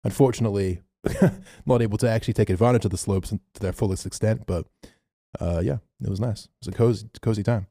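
Man, podcast co-host, low mellow voice, casual sweary storyteller. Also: fast talker, dry recording, studio quality. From Australia. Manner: animated storyteller, swears freely, acts out quotes.

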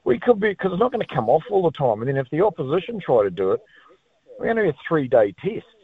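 A New Zealand man calls into talkback radio, rambling in an animated way and sprinkling in "like" and "mate". His pitch swings up and down a lot. It all comes through a tinny phone line. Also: fast, slightly rough. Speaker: caller.

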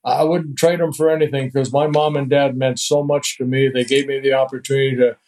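Older male guest from the Netherlands; relaxed, chatty anecdotes with easy chuckles. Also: mid-range voice, a little fast, low-quality recording. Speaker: guest, retired pitcher. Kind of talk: storytelling in a podcast interview.

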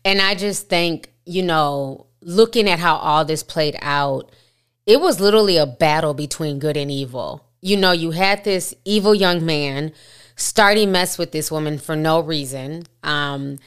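Speaking straight to her viewers in a conversational way, a woman hosts a commentary vlog. Her voice sits low, her pace is measured, and the tone comes through clean.

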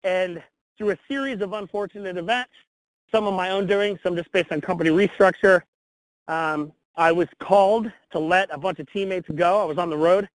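A man in his forties, an interview guest who tells his life story candidly, with blunt, energetic, casual swearing. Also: sits high, moderate pace, no room sound, rough recording.

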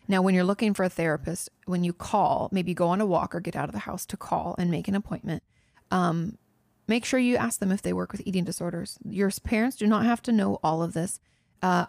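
Gravelly-voiced woman therapist giving advice. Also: lowish voice, dry recording, studio quality. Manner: earnest, direct, speaks straight to the listener; restarts and self-corrections. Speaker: podcast host and therapist. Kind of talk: answering listener questions.

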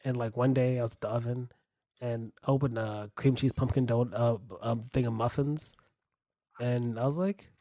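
A man in a casual podcast chat, talking in an animated, profane way and laughing easily. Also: mid-range voice, moderate pace, no room sound, clean studio sound.

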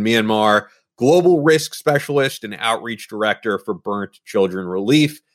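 A man hosting a podcast, reading an ad and introducing a guest in a measured way. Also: fairly low pitch, a bit bright, no room sound, clean studio sound. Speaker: podcast host. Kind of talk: podcast host read and introduction.

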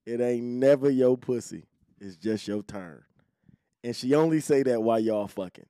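A young adult man hosting a podcast in casual, profane, animated chat, speaking to his listeners. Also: mid-range voice, normal speed, no room sound. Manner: profane, animated, talks straight to male listeners. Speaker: podcast host.

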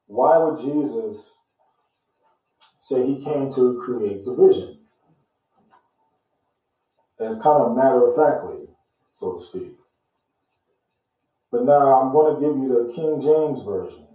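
Guy teaching bible stuff real slow, keeps repeating himself, super echoey muffled room. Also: medium pitch, far from the mic. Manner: slow, deliberate, repeats phrases for emphasis.

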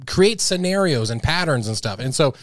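A man's voice: on the high side, expressive, normal speed, no room sound. Laid-back jokey male podcast co-host. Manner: laid-back, jokey, says "baby" and "dude". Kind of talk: casual chat.

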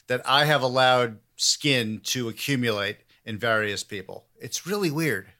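A man's voice: medium pitch, measured pace, sharp tone. A man hosting a comedic interview, talking in a dry, mock-grandiose way, as if he made humanity. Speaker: podcast host.

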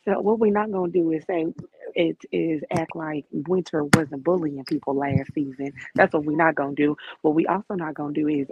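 Blunt, husky woman on a muffled call. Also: deep voice, no echo. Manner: blunt, forceful, curses. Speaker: co-host of a reality TV review livestream. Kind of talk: heated casual debate.

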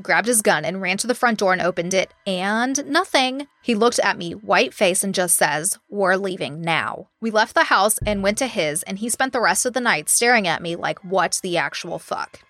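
Woman podcast host, bright forceful voice, dry close sound, blunt and profane storytelling. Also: medium pitch, no echo. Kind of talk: reading a listener's story aloud.

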